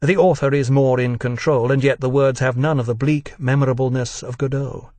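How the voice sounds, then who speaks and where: A man narrating a scripted documentary in a measured, deliberate way, recorded as a studio voice-over. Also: medium pitch, steady tone, a little mellow, dry recording.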